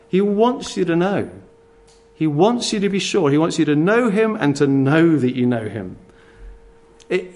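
A man preaching a sermon, earnest and animated, telling stories and asking rhetorical questions. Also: high-pitched.

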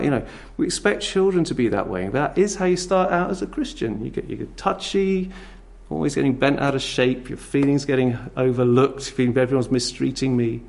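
A man preaching a sermon in a conversational, animated way, full of rhetorical questions. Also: mid-range voice, brisk, gravelly, hardly any pauses.

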